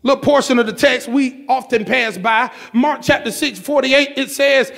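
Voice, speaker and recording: A male pastor delivers a sermon in a church. His voice sits extremely high and carries a gravelly rasp. He preaches in a rhythmic, repetitive cadence that breaks into shouted bursts. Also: fairly even intonation, moderate pace, hardly any pauses.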